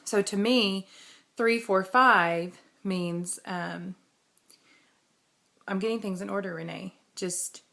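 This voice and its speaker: A woman's voice: mid-range voice, slow pace, vocal fry, pauses often, a bit bright. A woman, talking casually and rambling in a vlog, laughing often. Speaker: vlogger.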